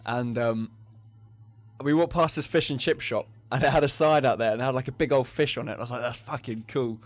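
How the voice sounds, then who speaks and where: A man's voice: medium pitch, fast, no echo. A young man with an English accent rambles through a drinking story, breaking into laughter as he goes. His voice sits in a middling register. The sound is dry and close to the mic, with no room around it. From England. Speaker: podcast co-host. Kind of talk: casual chat.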